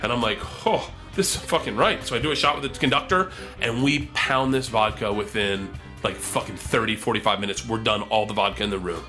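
Bright-voiced man telling a profane comic story. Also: lowish voice, fairly quick, faint music behind. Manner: profane, excitable, acts out the quotes in raised voices. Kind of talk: animated comic anecdote.

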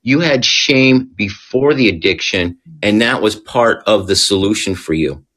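A man's voice: fairly low pitch, measured pace, fairly bright tone. Chatty man explaining, checking in often. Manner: conversational, checks in often with rhetorical questions. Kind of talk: casual explanatory talk.

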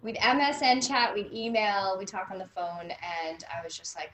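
A Canadian woman in her thirties, a guest on an interview show, telling personal stories casually with lively quoted voices and frequent laughter. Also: fairly low pitch, normal speed, few pauses. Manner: animated, laughs often, quotes people in voices. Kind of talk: casual storytelling. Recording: roomy echo.

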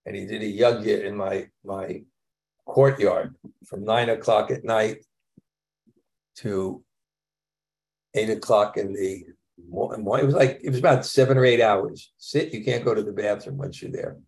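Gravelly man giving a scripture class. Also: on the low side, a little slow, pauses often, a little mellow. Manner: conversational, chuckling asides, frequent restarts. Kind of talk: casual scripture lecture.

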